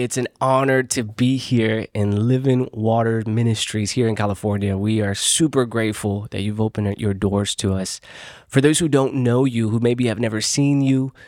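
A man's voice: on the low side, steady tone, moderate pace, darkish tone, dry recording, studio quality. A man opening an interview, polite and courteous toward his guest. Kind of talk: interview introduction. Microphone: studio mic.

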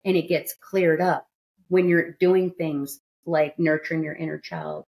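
Woman, podcast host, lowish voice, candid, emphatic, casual chat, studio. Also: fairly even intonation, a little slow, gravelly, darkish tone.

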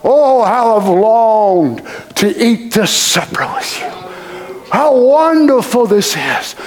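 Tender male savior at supper, put on by a preacher: very high, slow and fond. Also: lively intonation.

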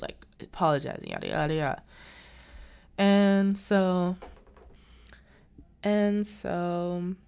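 Low, slow-talking woman recapping a film. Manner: animated retelling with quoted dialogue. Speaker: movie recap host. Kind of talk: casual movie recap.

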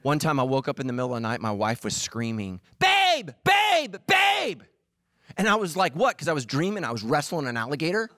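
A man's voice: mid-range voice, quick pace, hardly any pauses, dry recording. A middle-aged man preaching a humorous sermon, acting out voices and quotes as he tells stories. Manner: animated, acts out voices and quotes. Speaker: pastor.

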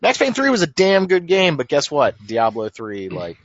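A man's voice: a little high, wildly swooping pitch, moderate pace, no echo, muffled recording. A man on a casual gaming podcast, rambling enthusiastically and often cutting himself off mid-sentence. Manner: rambling, self-interrupting, enthusiastic. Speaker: podcast co-host.

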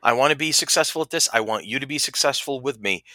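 Middle-aged male co-host, bright dry voice, animated storyteller who acts out quotes. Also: mid-range voice, quick pace, no room sound. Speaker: podcast co-host. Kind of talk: casual storytelling chat.

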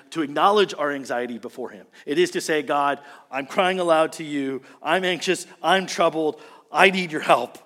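A man preaching a sermon as pastor, earnest and rising in pitch and volume when he presses a point. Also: a bit bright, big-room sound.

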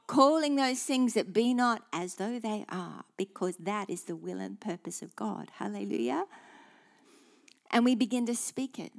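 A woman preaching a sermon in an emphatic, declarative way, dropping now and then to hushed asides. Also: a little high, vocal fry.

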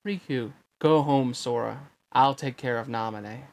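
Man doing bitter teen swordsman, cold and taunting, low key. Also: normal speed, close to an everyday voice. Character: bitter, resentful teenage boy swordsman.

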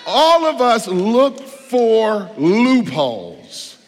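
A man preaches in a somewhat high voice, pressing his points with rhetorical questions and emphatic stresses. His words carry a long reverb through the church sanctuary. He moves from loud declarations to hushed, earnest asides. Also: wildly swooping pitch, extremely slow. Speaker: pastor. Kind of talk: sermon.

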